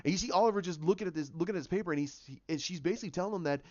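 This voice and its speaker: A man's voice: high voice, very fast, few pauses, a little mellow, no echo. Man, fan commentary, rambling delivery, dry muffled home recording. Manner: rambling, many restarts and fillers. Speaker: fan show host. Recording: dull, lo-fi sound.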